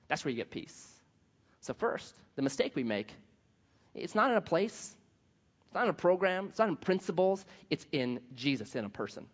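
A man preaching a sermon, telling a story in a lively way and acting out the voices of the people in it. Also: a little high, fairly quick. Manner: animated storytelling, acts out quoted voices. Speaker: pastor. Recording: dull sound with long hall reverb.

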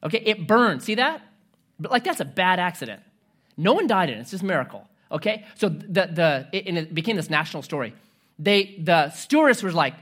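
A man preaching a sermon, telling a story in a conversational, animated way with humorous asides. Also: a little high, fairly quick. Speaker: pastor.

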